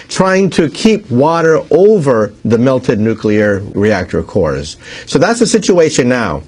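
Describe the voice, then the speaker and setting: A man's voice: medium pitch, sing-song, a little slow, darkish tone, breathy edge. A man explaining a nuclear accident as an expert, building long everyday analogies step by step. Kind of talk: explanatory interview speech.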